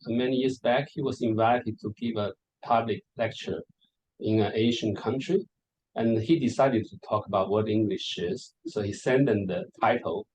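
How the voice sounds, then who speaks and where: A man's voice: medium pitch, darkish tone, poor audio. A man giving a conference presentation as a lecturer, speaking hesitantly with many repeated words and fillers. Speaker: lecturer presenting on English varieties.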